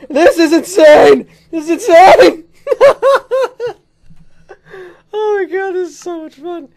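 Giggly young man shrieking through gameplay. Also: high-pitched. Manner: giggly, excitable, bursts into shrieks and laughter. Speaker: gaming video creator. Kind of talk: excited let's-play commentary.

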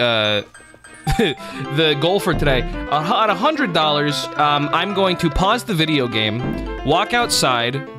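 A man streaming live gameplay, chatting casually in a rambling, profane, jokey way and thanking viewers. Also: on the high side.

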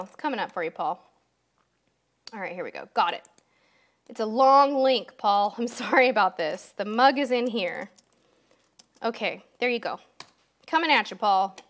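A woman's voice: fairly high pitch, a bit bright. A woman hosting a casual livestream, reading out viewer comments and answering them in a chatty, effusive way, laughing often. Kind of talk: casual live chat.

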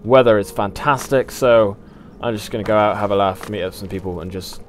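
A young man's lowish voice comes through fairly quick, with a faint hiss or hum underneath. As a gaming channel host doing casual let's play commentary, he rambles, curses, makes fun of himself and laughs a lot.

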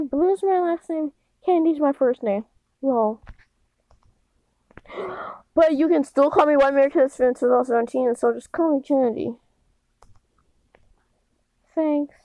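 A woman giving an amateur reading of fan character lines, excitable and dramatic, swinging between loud squeals and low mutters. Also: dry recording, rough recording.

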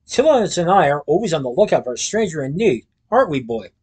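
Man doing a sly gruff stranger, low voice, slightly husky. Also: very animated, fast, a little mellow.

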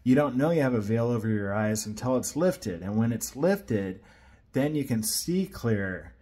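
A man's voice: medium pitch, animated, moderate pace, warm tone. A man sharing an earnest personal faith testimony, retelling events in a casual, rambling way.

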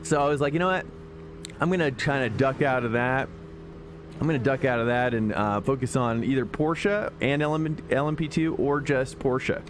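A man streams sim racing, chatting loosely and thinking aloud as he talks to his chat. His voice sits at an ordinary middle pitch. Steady engine noise from the game runs clearly under his talk. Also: normal speed. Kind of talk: casual live-stream chatter.

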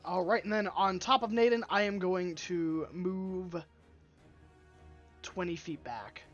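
A man taking his turn in a live-streamed tabletop game, talking through his options and often correcting himself as he goes. His voice sits fairly high for a man, and the recording comes through a dull, lo-fi mic. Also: takes it slowly, a bit bright, faint music behind. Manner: thinks aloud, second-guesses himself mid-sentence. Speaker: player.

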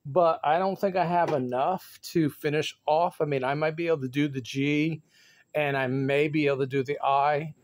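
A man vlogging from his bedroom in rambling casual chat, goofy and playful, bursting into loud shout-outs. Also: fairly high pitch.

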